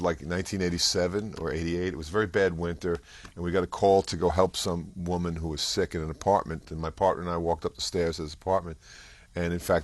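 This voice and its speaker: An older man with a deep, low voice. He talks fast in a halting, rambling way, full of fillers and restarts. The sound is dry and close. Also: no echo. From New York area. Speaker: guest. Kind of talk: casual storytelling interview.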